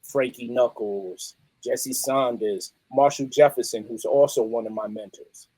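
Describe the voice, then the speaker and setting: Husky New man, animated storyteller. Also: mid-range voice, measured pace, no echo, rough recording. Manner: animated, streetwise, peppered with "you know what I mean". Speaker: guest musician and producer. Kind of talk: casual interview storytelling.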